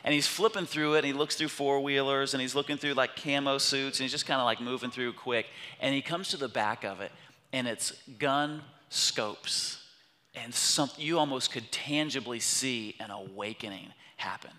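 A man preaching a sermon, telling a family story in an animated way and acting out the quotes of the people in it. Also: mid-range voice, normal speed, big-room sound. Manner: animated, acts out quotes of his son.

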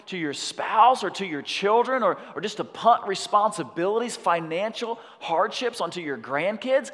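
A man preaching a sermon, telling a story and then rising to emphatic, shouted exhortation. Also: high voice, lively intonation, normal speed, hardly any pauses, long reverb tail. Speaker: pastor.

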